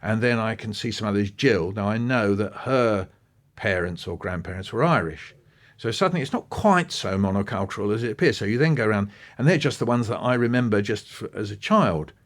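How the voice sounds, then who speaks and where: Speaking briskly in a lowish voice, a guest on education chats in a relaxed, conversational interview. His storytelling is animated, with lively anecdotes, restarts and asides as he thinks aloud, and brief impressions of the people he quotes.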